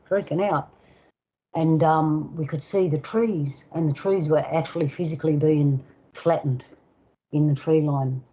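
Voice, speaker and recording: An older woman with an Australian accent, a guest elder telling a personal story in unhurried casual talk, acting out voices and sounds. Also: deep voice, warm tone, breathy edge, lo-fi sound. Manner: unhurried, acts out dialogue and sounds.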